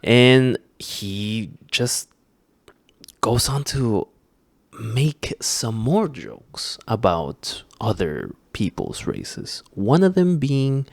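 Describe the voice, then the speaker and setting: A man co-hosting a podcast, giving measured, sardonic commentary with frequent pauses on a close mic. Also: mid-range voice, very animated, creaky, dry recording. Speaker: podcast co-host. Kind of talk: casual critical commentary.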